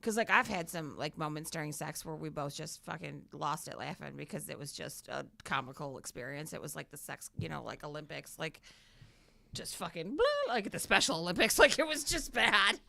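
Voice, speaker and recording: Gravelly, bright-voiced woman chatting bluntly. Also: low-pitched, expressive, moderate pace, dry recording. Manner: blunt, profane, laughing storyteller. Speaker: podcast co-host. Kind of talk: casual chat.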